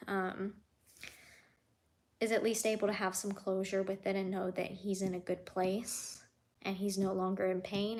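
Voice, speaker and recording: A woman, an animal keeper chatting casually on a live stream and reading comments, heartfelt and soft-spoken, often sinking to a near whisper. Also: medium pitch.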